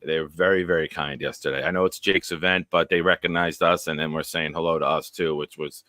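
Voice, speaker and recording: A man hosting a live-streamed sports chat show, excitable, giving viewers shout-outs by name and bursting into sing-song chants. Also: rumbling low, brisk, dry recording, clean studio sound.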